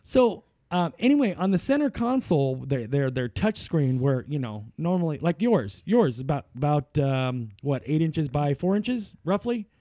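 Rambling man with a lively, warm voice. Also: a little high, normal speed, few pauses, dry recording. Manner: rambling, self-interrupting storyteller. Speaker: podcast co-host. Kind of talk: casual banter.

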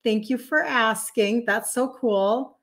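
Woman in her fifties, Minnesotan accent, live-stream host, chatty, slightly high voice, reads out viewer comments. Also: slow, fairly bright tone. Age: 50s. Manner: chatty, greets viewers and answers comments on the fly. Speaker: host, health coach.

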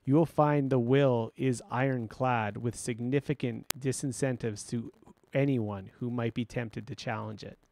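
Formal lawyer reading a will, slow and exact, gravelly tone, voiced by a male narrator. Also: mid-range voice, steady tone, darkish tone. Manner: slow, measured, deliberate reading.

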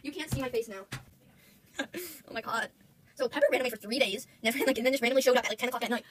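A woman's voice: on the high side, very fast, noisy background. A young woman streaming, chatting casually and rambling to her chat, often giggling, close to the mic.

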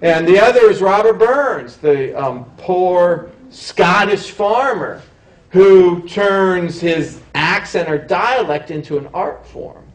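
A man's voice: high-pitched, lively intonation, slow. A man, a history professor, giving a public lecture, talking in a discursive way with frequent restarts and self-corrections. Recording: roomy hall, mic at a distance.

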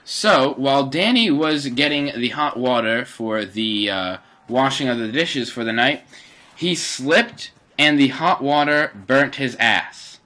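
A man's voice: mid-range voice, takes it slowly, pushed and bright. A teenage boy giving casual, rambling commentary over his gameplay, with lots of fillers and self-corrections. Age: teens.

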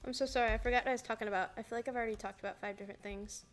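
A chatty young woman talks to her viewers while she plays, rambling from one thing to the next in a fairly high voice. Faint music plays behind her. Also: fairly even intonation, very fast. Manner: chatty, rambling, often laughing, greeting viewers. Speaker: streamer. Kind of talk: casual livestream chat while gaming. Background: music playing.

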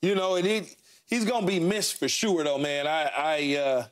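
A middle-aged man co-hosting a sports talk show, telling stories about his playing days in animated, punchy fragments with lots of repeats. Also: on the high side, normal speed. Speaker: sports talk show co-host, former NFL receiver. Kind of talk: casual sports talk storytelling.

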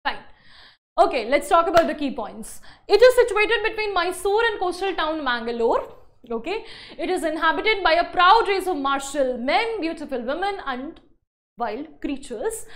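A woman with an Indian English accent gives an online English lesson in a high, light voice. She explains each point by restating it in new words and leans on "you know" as she goes. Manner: explains by repeating and rephrasing, many "you know" fillers. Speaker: English teacher. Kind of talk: online class lecture.

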